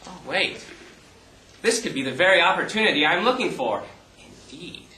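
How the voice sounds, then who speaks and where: A man's voice: a little high, animated, moderate pace, sharp tone, recorded from a distance. A man playing a bored, scheming analyst. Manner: mock-formal, musing aloud, gleeful when plotting. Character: bored clever male analyst, scheming and smug. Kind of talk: amateur stage play acting. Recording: echoey hall.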